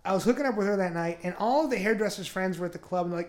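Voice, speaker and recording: A man's voice: high-pitched, rapid-fire. A man on a podcast telling a crude story in a casual, rambling way, laughing often. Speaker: podcast host.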